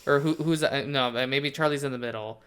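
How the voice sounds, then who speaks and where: A man's voice: medium pitch, brisk, fairly bright tone, clear, resonant tone. A man co-hosting an album-review podcast, rambling and joking, often trailing off mid-thought. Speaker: podcast co-host. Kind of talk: casual album-review chat.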